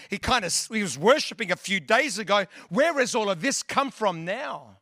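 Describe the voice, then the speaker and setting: A man's voice: high voice, animated, moderate pace, few pauses, sharp tone, no room sound, clean studio sound. A male preacher giving a sermon in an earnest, conversational way, building long lists and sometimes restarting his sentences.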